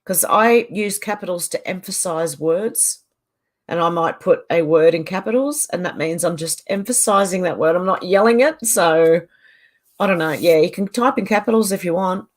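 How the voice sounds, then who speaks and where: Chatty woman reading comments. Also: lowish voice. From Australia. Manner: chatty, answers comments aloud with quick agreement. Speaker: host reading viewer comments. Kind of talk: casual livestream chat.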